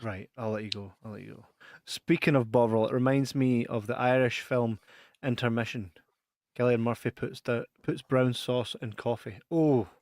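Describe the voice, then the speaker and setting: A man's voice: mid-range voice, fairly even intonation, moderate pace, a little mellow, no room sound, clean studio sound. Scottish man telling stories with laughter. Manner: laughs through his stories, shrieks impressions. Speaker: podcast co-host. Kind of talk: casual chat.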